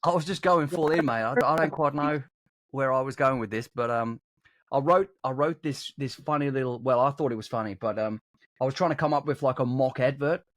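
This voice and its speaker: A man's voice: mid-range voice, a little fast, dry recording, clean studio sound. A man hosting a podcast in casual chat, chatty and laughing along with the others.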